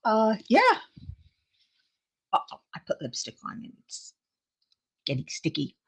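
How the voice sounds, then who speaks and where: Woman, livestream host, unhurried and chatty, bouncy lively pitch, frequent laughs. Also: creaky, breathy edge. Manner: chatty, laughing often, reading out viewer comments. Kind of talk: casual livestream chat with viewers.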